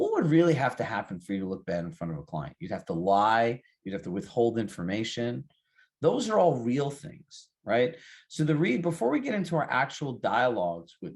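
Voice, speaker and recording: Animated man coaching a group. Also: medium pitch. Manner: emphatic, fires rhetorical questions at the group; calls on participants by name. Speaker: real estate coach. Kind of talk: live group coaching session.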